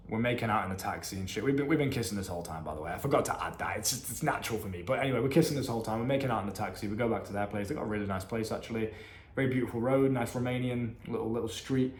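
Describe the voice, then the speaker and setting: A young man telling a story casually, animated, slangy and profane. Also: medium pitch. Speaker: vlogger. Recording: echoey room.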